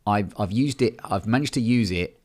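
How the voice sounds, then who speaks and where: A man's voice: fairly low pitch, moderate pace, a little mellow. A man, talking bluntly and casually in a podcast conversation, swearing freely. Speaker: men's coach, podcast guest.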